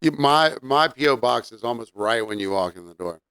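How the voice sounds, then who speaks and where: A man co-hosting a casual podcast, a restaurant server telling relaxed anecdotes. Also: mid-range voice, moderate pace, clear, resonant tone, no echo, studio quality. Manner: relaxed anecdotes with fillers and laughs. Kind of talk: casual chat.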